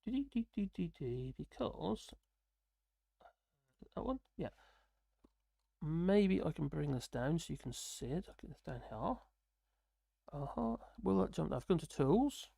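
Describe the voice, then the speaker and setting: A man's voice: fairly high pitch, expressive, moderate pace, gravelly, long pauses, warm tone, husky, no room sound, clean studio sound. A man chatting casually on a live stream, rambling with lots of fillers and restarts, tired and slurring a little. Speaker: political commentary streamer.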